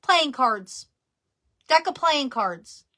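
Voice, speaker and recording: A woman with a New Jersey accent talks casually on a live stream, chatty and quick to laugh at herself. Her voice sits high and sounds bright. She comes across as a friendly seller sharing tips. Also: lively intonation. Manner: chatty, laughing, self-deprecating. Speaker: jewelry business guest speaker.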